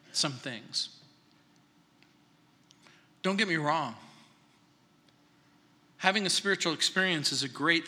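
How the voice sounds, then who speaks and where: A man pastor preaching a sermon, animated and acting out quoted lines with sudden high exclamations. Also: big-room sound. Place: church sanctuary.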